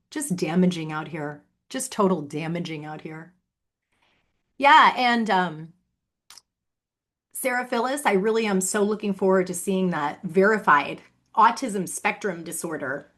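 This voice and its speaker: A woman talking straight to the camera in a solo vlog, accusing and sarcastic, often mocking someone she addresses. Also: mid-range voice. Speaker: vlogger. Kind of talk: direct-to-camera monologue.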